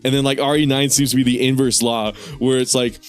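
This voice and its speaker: A man's voice: medium pitch, little pitch movement, brisk, clean tone, soft background music. A man streaming a game, rambling casually, swearing and laughing often. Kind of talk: casual gaming stream commentary.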